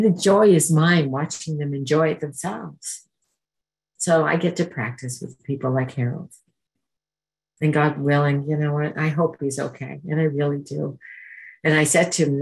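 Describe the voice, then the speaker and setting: Low-voiced woman sharing her recovery story. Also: darkish tone, rough recording. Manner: earnest, conversational storytelling that acts out quoted exchanges. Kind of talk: personal testimony at a recovery meeting.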